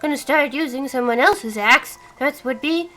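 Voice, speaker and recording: A woman voicing a fretful, axe-loving woodcutter spirit from a cozy game, in a high, sing-song, fussy voice while reading the dialogue aloud. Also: normal speed, sharp tone, soft background music.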